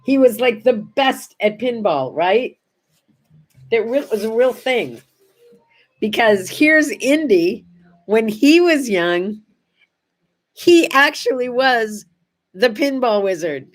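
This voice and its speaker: Slow-talking older woman host. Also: mid-range voice. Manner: chatty, warm-hearted, goes quiet and soft on sad memories. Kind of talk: casual morning chat to camera.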